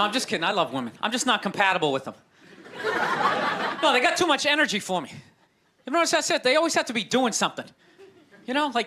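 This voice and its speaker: A man doing stand-up comedy before a live audience, ranting loudly and swearing, exasperated. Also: extremely high pitch. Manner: loud, exasperated ranting with profanity. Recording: live show with crowd noise. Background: audience laughter and applause.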